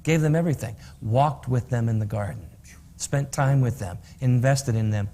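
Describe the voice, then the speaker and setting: A man's voice: mid-range voice, moderate pace, mellow. A man on a talk show giving earnest, encouraging advice to parents in a preachy way. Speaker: co-host, counselor.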